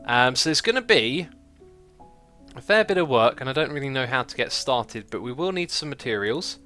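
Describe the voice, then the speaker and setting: A man's voice: mid-range voice, lively intonation, normal speed, sharp tone, faint music behind. A man hosting a gaming livestream, chatting casually, laughing often and reading out donations and chat messages. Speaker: streamer host.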